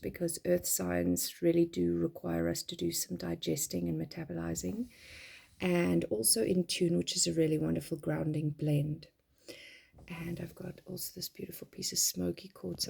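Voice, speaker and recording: A woman with a croaky voice from being unwell, giving a casual weekly tarot reading in a gentle, unhurried way. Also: on the low side. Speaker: tarot reader.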